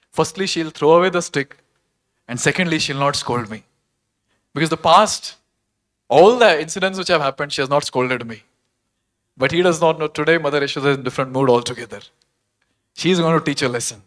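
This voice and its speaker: A man's voice: fairly high pitch, a little fast. Earnest man telling a sacred story. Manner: earnest, animated, questions the audience. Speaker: temple speaker. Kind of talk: devotional storytelling lecture.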